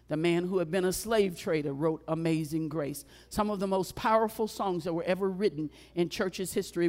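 A woman preacher delivering a sermon and then praying. She repeats phrases for emphasis and swings between loud exclamations and hushed, drawn-out lines. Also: fairly low pitch. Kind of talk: sermon and closing prayer.

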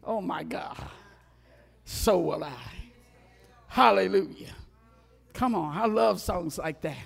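A woman preacher delivering a sermon and then praying. She repeats phrases for emphasis and swings between loud exclamations and hushed, drawn-out lines. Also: fairly low pitch, vocal fry, husky. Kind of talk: sermon and closing prayer.

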